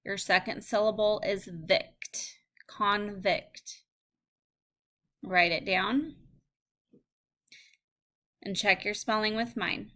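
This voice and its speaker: A woman teacher giving a recorded phonics lesson, reading words and phrases slowly and clearly for students to spell. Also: mid-range voice, steady tone, pushed and bright. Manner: slow, clear word-by-word dictation.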